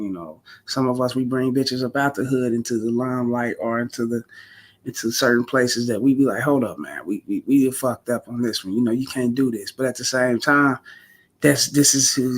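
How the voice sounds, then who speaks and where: A man ranting casually on his vlog, blunt and profane, full of slang and repetition. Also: mid-range voice. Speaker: commentary vlogger. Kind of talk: casual commentary rant.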